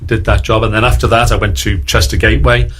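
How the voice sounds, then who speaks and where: A Liverpool-born actor in his sixties, with a Liverpool accent, guests on a radio interview and tells rambling show-business stories, repeatedly acting out other people's lines. His voice is on the low side and level in tone, yet fast, fairly bright and a little breathy.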